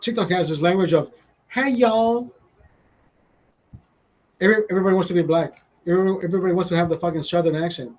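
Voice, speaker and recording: Husky Honduran man ranting bluntly. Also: sits high, steady tone, rapid-fire, hardly any pauses, a little mellow, rough recording. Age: 40s. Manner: profane, blunt, indignant ranting. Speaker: vlogger. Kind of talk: casual ranting monologue.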